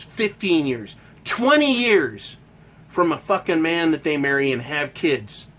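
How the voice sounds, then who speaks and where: A man's voice: on the high side, a bit bright. A man hosting a ranting monologue, talking in a heated, emphatic and profane way. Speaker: host.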